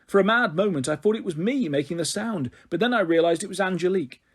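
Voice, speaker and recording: A man reading a children's novel aloud in an expressive storytelling manner. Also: high-pitched, fast, husky. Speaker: story reader.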